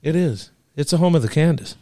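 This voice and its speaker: A man's voice: on the high side, lively intonation, a little fast, dark tone, no echo, studio quality. Profane, boisterous podcast host man. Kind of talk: casual crude banter.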